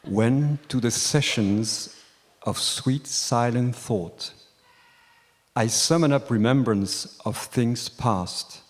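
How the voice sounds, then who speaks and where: A man at a retreat, talking hesitantly with a few chuckles and reading verse aloud haltingly. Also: medium pitch, big-room sound. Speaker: retreat participant. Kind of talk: casual conversation and poetry reading.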